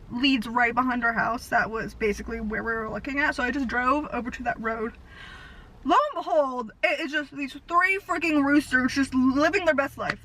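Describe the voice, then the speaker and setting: A young woman in her twenties rambles to camera from inside a car. Her high, bright voice races through stories, full of "like" and sudden exclamations. A faint hum of noise sits behind her. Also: low-quality recording. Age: 20s. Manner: fast, animated storytelling with frequent "like". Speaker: vlogger. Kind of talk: casual rambling chat. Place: parked car.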